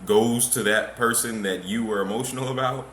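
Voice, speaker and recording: A man's voice: medium pitch, steady tone, normal speed, a bit bright. A man hosting a podcast, reacting with laughter and disbelief in casual chat. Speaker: podcast host. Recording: echoey room with faint noise.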